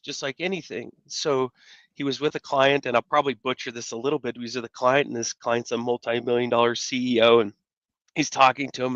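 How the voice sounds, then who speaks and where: A man's voice: mid-range voice, a bit bright, no room sound. A man hosting a casual interview, telling stories in a loose way with many restarts and chuckles. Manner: rambling storyteller with frequent restarts and laughs. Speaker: podcast host. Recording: dull, dry lo-fi sound.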